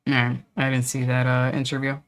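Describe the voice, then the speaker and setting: A woman's voice: very deep voice, completely flat delivery, moderate pace. A woman hosting a livestream, chatting casually and reading out viewer comments. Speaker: livestream host.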